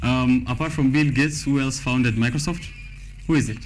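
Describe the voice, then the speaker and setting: A man's voice: medium pitch, moderate pace, soft background music. A man with a Kenyan accent hosting a TV talk show, reading quiz questions in a playful, laughing way. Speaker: TV show host. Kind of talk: casual quiz chat. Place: TV studio.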